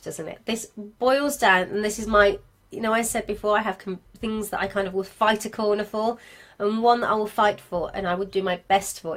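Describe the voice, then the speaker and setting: A woman coaching craft sellers in a live stream from home, chatty and encouraging, with frequent asides. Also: medium pitch. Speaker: craft business marketing coach. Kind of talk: live-streamed class to viewers.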